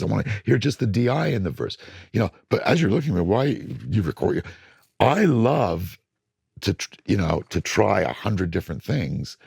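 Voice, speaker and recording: A middle-aged record producer being interviewed, telling blunt studio stories and acting out moments from sessions. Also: male voice, lowish voice, vocal fry, husky, no room sound. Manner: animated, blunt storytelling that acts out studio moments.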